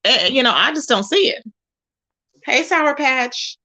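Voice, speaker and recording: A woman's voice: sits high, expressive, a little slow, pushed and bright. A woman hosting a casual livestream, chatting sassily about online drama and greeting viewers in the chat by name. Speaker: livestream host. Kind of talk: casual gossip commentary.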